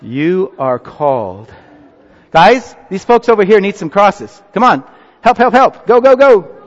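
A high, animated male voice at normal speed belongs to a pastor giving a children's sermon in the sanctuary. He's getting the congregation to join a group activity, and the sound is muffled and reverberant.

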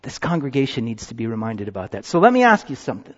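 A man's voice: medium pitch, very animated, fast. A man serving as pastor, giving a children's sermon and coaxing the congregation into a group activity in a church sanctuary. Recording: muffled sound in a reverberant church.

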